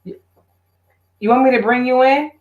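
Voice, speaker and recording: A woman's voice: sits high, moderate pace, lo-fi sound. A woman hosting her own live stream, chatting casually and directly with her viewers. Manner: chatty, talks straight to viewers.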